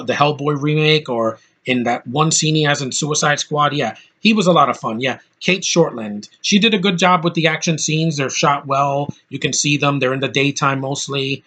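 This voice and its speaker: A man's voice: fairly high pitch, moderate pace, fairly bright tone. A man giving a blunt, ranting movie review in casual speech, with lots of fillers and restarts. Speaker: film reviewer.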